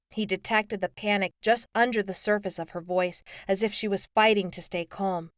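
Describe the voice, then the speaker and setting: A woman reading an audiobook in a steady, measured narration. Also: mid-range voice, dry recording, clean studio sound.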